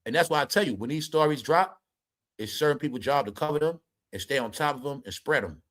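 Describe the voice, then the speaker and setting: A man's voice: mid-range voice, lively intonation, fast talker, fairly bright tone. A man hosting an entertainment commentary show, ranting emphatically and profanely straight to his viewers. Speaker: commentary channel host.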